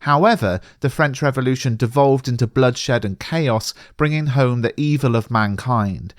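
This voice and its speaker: A man giving a scripted revision lesson, explaining clearly and slowing down to read the quotations aloud. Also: mid-range voice, dry recording, studio quality. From England. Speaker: teacher.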